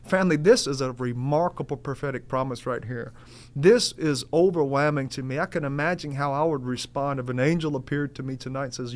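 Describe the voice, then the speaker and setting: A man's voice: fairly high pitch, moderate pace. A man preaching a sermon in an earnest, emphatic way, repeating his key phrases and calling the listeners family.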